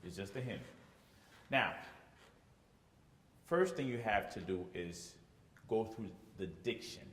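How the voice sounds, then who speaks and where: A man's voice: lowish voice, lively intonation, takes it slowly, a bit bright. Guy coaching choir directors, keeps saying okay?, echoey hall. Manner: explanatory, says "okay?" often, sings phrases to demonstrate. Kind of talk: instructional talk with sung examples. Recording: echoey room with long reverb.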